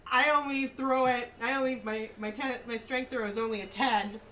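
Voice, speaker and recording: Bright-voiced exasperated woman player. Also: on the high side, steady tone, moderate pace, echoey room, slight background noise. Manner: exasperated, laughing, swears a lot.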